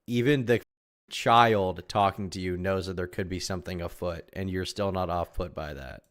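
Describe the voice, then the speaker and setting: A man's voice: deep voice, normal speed. A man streaming a reaction to a video, talking casually, bluntly and with frequent swearing.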